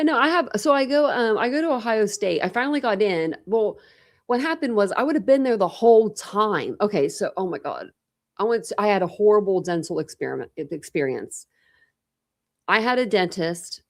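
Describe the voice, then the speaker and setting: A young woman chats loosely with her live-stream viewers, full of restarts and repeated words. Her voice sits on the low side and carries a gravelly fry throughout. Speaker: true crime channel host.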